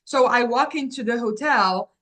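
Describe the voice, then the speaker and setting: A woman from Morocco, a guest telling her life story in an animated way and acting out the people in it. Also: on the high side. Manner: animated, acts out quoted dialogue, quick restarts. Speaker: guest, agency founder. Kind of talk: personal storytelling in an interview.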